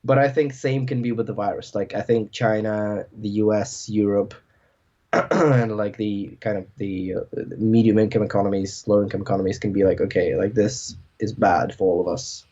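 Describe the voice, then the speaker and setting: A man's voice: on the low side, flat delivery, normal speed, warm tone, highs cut off. A man hosting a podcast in casual conversation, rambling with lots of filler words. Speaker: podcast host.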